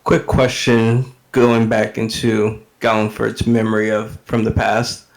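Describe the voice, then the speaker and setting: A man's voice: lowish voice, little pitch movement, unhurried, creaky. A man playing a tabletop game over voice chat, speaking in a matter-of-fact way. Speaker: player. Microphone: online voice chat.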